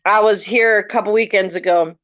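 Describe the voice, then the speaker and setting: A middle-aged woman, chatting casually on a live stream and telling animated stories, often acting out the lines of the people in them. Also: medium pitch, a little fast. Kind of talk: casual storytelling chat. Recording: muffled lo-fi live stream audio.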